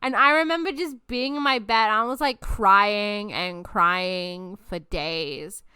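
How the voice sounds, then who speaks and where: Young woman podcaster, high clear voice, dry close sound, chatty and sweary. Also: slow, pushed and bright, dry recording. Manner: chatty, swears freely, laughs often, restarts a lot. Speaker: podcast host. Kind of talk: casual storytelling chat.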